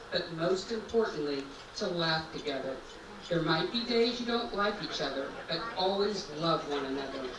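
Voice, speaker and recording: The groom's mother, a middle-aged woman whose voice sits on the low side, gives a sentimental, earnest wedding toast. It's recorded far from the mic in an echoey banquet hall at a rehearsal dinner, with background noise.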